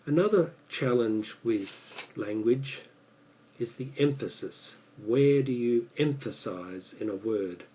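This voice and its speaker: A man with an Australian accent giving a measured, prepared speech as an English speaking coach. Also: medium pitch, animated, dark tone, rough recording. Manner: measured, deliberate delivery.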